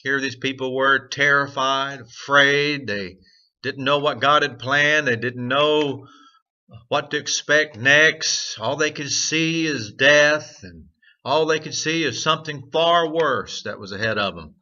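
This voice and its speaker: A man's voice: mid-range voice, a little slow, bright, forceful tone. A man hosting a morning devotional, telling a story earnestly with many fillers. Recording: dull lo-fi sound.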